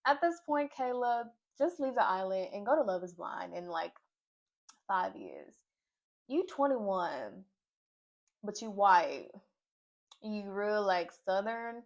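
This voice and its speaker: A young Nashville, Tennessee woman reviews a reality show in a chatty, opinionated recap packed with fillers and side comments. Her medium-pitched voice is sing-song and slow, and she pauses often. The lo-fi audio sounds slightly dull.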